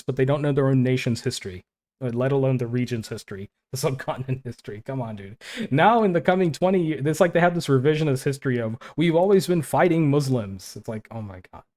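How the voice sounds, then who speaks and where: A man's voice: mid-range voice, quick pace, darkish tone. Impassioned man giving casual commentary. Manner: passionate, informal, interjects with "man" and "dude". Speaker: online Christian commentator. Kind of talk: casual commentary, reading quotes aloud.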